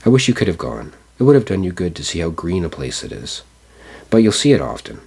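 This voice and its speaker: A man's voice: deep voice, very animated, a little fast, gravelly, a little mellow, breathy edge, exaggerated voice. A man voicing a mild, kind father in grief in an audiobook reading. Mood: sorrowful. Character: grieving middle-aged father, mild and kind.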